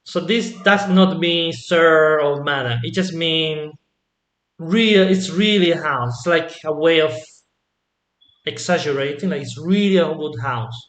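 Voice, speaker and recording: A man teaching an online Spanish lesson, explaining slowly and patiently and checking in with "yeah?" after his examples. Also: a little high, fairly bright tone, echoey room.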